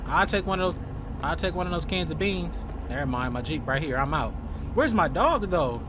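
A man giving loud, joking let's play commentary, trash-talking the enemies in his game. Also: fairly high pitch, animated, moderate pace, noisy background. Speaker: gaming streamer.

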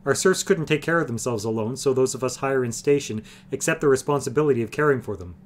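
A man's voice: medium pitch, fast, slight background noise, close to an everyday voice. A man reading aloud, voicing a haughty, indignant young nobleman.

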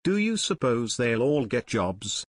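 An eager, impulsive teenage boy sleuth, voiced by a male narrator, whose voice jumps lively in pitch. The recording is dry and close. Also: a little slow, no echo.

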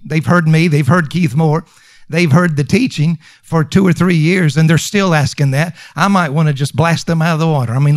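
This man's slightly high voice carries a pastor's sermon that feels conversational, peppered with fillers and restarts. He stresses his points by repeating lines emphatically. There is no echo.

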